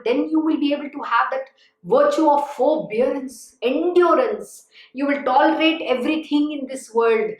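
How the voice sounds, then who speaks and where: A woman spiritual teacher giving a devotional discourse, earnest and exhorting, often saying "you know". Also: high-pitched. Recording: echoey room.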